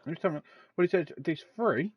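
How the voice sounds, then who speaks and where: A man's voice: a little high, quick pace, a little hiss or hum. Casual male podcast host, laughs easily, swears now and then, lo-fi home recording. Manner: laughs often, swears casually, reads aloud from a web page. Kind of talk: casual chat.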